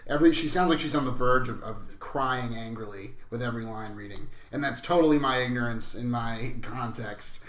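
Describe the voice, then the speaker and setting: A man on a film podcast, talking casually and haltingly, with many fillers. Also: mid-range voice, roomy sound, a crowd in the background. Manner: hesitant, filler-heavy. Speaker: podcast co-host.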